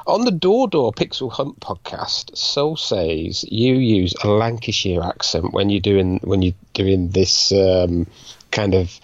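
Low-voiced easygoing British co-host. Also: male voice, expressive, takes it slowly, no echo, highs cut off. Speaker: podcast co-host. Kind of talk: casual chat.

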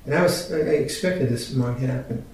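A mellow Buddhist teacher in his sixties gives a dharma talk in an unhurried, halting way with gentle humor. The mic sits at a distance in a very echoey room, and a faint rumble is audible.

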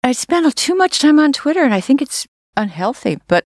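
A woman's voice: sits high, sing-song, brisk, dry recording, studio quality. A woman co-hosting a podcast in casual chat, teasing her partner and giving blunt opinions. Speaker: podcast co-host. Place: studio.

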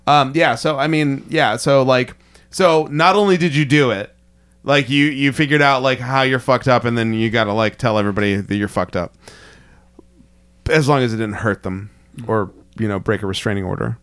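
A man's voice: mid-range voice, moderate pace, fairly bright tone, smooth. A young man co-hosting a podcast in casual chat, drunk, rambling with lots of fillers, restarts and laughter. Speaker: podcast co-host.

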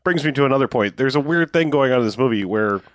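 A man's voice: mid-range voice, lively intonation, quick pace, no room sound. Wry man recapping a movie. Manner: wry, conversational, retells scenes with voiced quotes. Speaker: podcast co-host. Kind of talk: casual movie recap chat.

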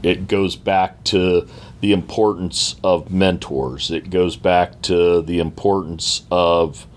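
A middle-aged man sitting at a table, reflectively telling a family story in a halting, heartfelt way with many fillers and restarts. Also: low-pitched, steady tone. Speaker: guest. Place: seated at a table indoors.

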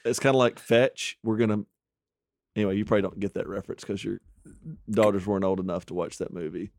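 A man's voice: on the low side, fairly even intonation, fast, darkish tone, no echo. Male podcast co-host, wry and teasing, dry close mic. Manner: wry, teasing, explains things. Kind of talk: casual banter.

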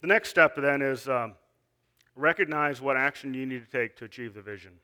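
Bright-voiced man preaching earnestly. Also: mid-range voice, fairly quick. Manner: earnest, with frequent fillers and restarts, reading scripture aloud. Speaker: lay preacher. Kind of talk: sermon.

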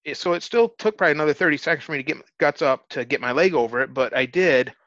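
A man appearing as an interview guest tells a story in casual, earnest talk, often restarting his phrases. His fairly high voice races along with a slightly bright tone, and the recording is dull, dry, and lo-fi with no echo.

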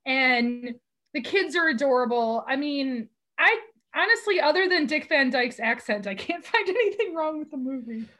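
A woman's voice: high voice, animated, normal speed, sharp tone. A woman co-hosting a podcast, chatting casually and expressively, teasing with fondness. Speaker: podcast co-host. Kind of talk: casual chat.

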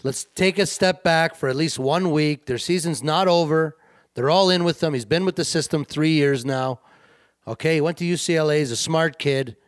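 A man co-hosting a sports show, quick and emphatic in casual commentary. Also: fairly high pitch. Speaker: sports podcast co-host.

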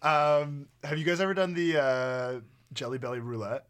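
A young man hosting a campus radio podcast in offhand, deadpan casual chat. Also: fairly high pitch, moderate pace, smooth. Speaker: podcast host.

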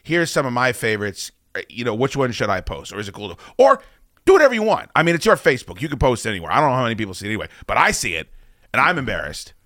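A man hosting a casual talk show, telling profane stories with a lot of swing in his pitch. His voice is bright and forceful. The sound is close and dry, with little room around it. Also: rapid-fire, dry recording. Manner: animated, profane storytelling. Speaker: radio show host. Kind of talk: casual podcast banter.

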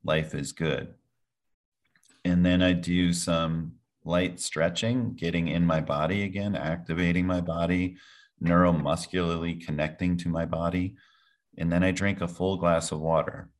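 A man's voice: low-pitched, little pitch movement, normal speed. A man answering as a podcast guest, energetically walking the listener through his daily routine step by step. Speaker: product formulator.

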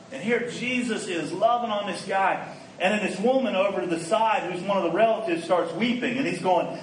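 A man giving a storytelling sermon as a conference speaker, animated and acting out the people in his stories. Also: high voice, normal speed. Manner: animated storyteller who acts out quoted lines. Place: conference hall. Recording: echoey hall, mic at a distance, faint background noise.

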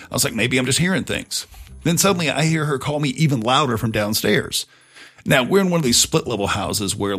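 Gravelly profane storytelling man. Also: medium pitch, a bit bright. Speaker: podcast host. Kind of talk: casual storytelling.

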